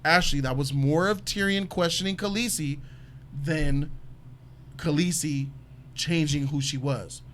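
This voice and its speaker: A man hosting a casual panel talk show about a TV episode, talking in an emphatic, animated way. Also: on the high side, measured pace, slight background noise. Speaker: show host.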